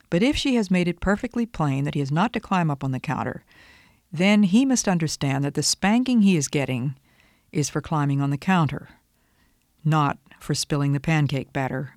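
Measured, earnest older grandmother giving advice. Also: sits low, darkish tone, no room sound, studio quality. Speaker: parenting advice speaker. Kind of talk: instructive talk.

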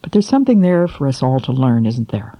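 A woman reading a poem aloud to children, then drawing a moral, slow and expressive, asking her listeners questions. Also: a bass voice, breathy edge, dry recording. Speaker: storyteller for children.

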